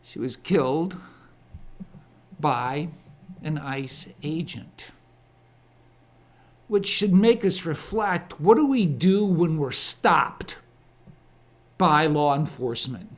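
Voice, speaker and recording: A man's voice: a little high, lively intonation. A man hosting a ministry show and giving a spoken commentary monologue, with emphatic repeated phrases. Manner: slow, deliberate delivery with emphatic repeated phrases.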